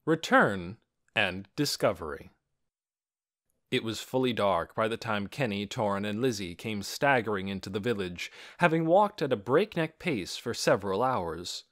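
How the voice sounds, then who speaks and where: A man reading a children's storybook aloud in an expressive, animated way. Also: fairly low pitch, normal speed. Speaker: audiobook narrator. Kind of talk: scripted storybook narration.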